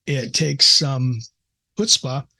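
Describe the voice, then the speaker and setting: Husky-voiced man telling a story. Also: medium pitch, fairly even intonation, slow pace, bright, forceful tone. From American Midwest. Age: middle-aged. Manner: earnest, emotional storyteller, frequent restarts. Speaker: psychiatrist guest. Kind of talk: casual interview storytelling.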